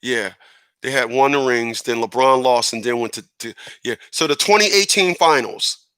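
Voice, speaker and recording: A man hosting a casual radio talk show, animated and rambling, correcting himself and chuckling as he goes. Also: medium pitch, moderate pace, dry recording.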